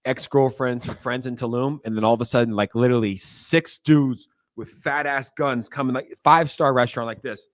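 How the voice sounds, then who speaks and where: A man hosting a casual livestream chat, joking and animated as he tells stories. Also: medium pitch, normal speed, hardly any pauses, no echo, studio quality. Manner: animated, joking, does voices in anecdotes. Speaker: livestream host.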